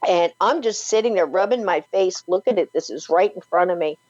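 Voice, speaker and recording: Brief: woman guest, lowish voice, vivid storyteller with lots of "like", dull dry lo-fi recording. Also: fairly quick, dry recording. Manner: vivid, animated retelling full of "like" and "you know". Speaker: paranormal podcaster and author, guest. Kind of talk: storytelling in an interview.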